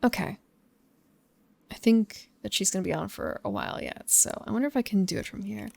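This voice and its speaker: A woman's voice: mid-range voice, fairly quick, gravelly, darkish tone. A woman streaming games live from a home setup, musing and chatting with her viewers and laughing often. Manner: talks to chat between gameplay. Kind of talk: casual live-stream chat while gaming.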